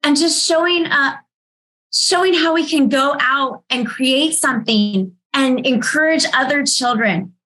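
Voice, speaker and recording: Heartfelt mother on a panel, fairly high voice. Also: sharp tone, poor audio. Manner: heartfelt, halting with ums. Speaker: panel speaker, foundation founder. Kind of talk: personal storytelling talk.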